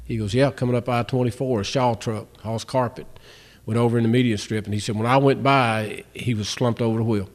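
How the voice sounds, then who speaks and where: A man's voice: medium pitch, fairly even intonation, brisk, a little mellow. A man giving a spoken Christian testimony, telling stories with folksy grammar and acting out both sides of conversations. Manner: storytelling, acts out both sides of dialogues.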